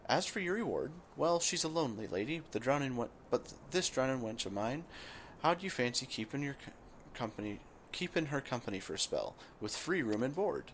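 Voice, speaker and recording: A man voicing a gruff, blustering old male guild boss, reading game dialogue aloud. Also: medium pitch, expressive, fairly quick, a little hiss or hum, voice pushed up, close to an everyday voice. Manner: reads in a rough dockside voice, drops it partway.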